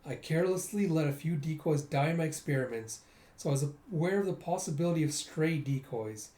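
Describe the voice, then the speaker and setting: A man's voice: a little high, brisk, dark tone, reverberant, close to an everyday voice. A man doing a mocking mad scientist villain. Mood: cold.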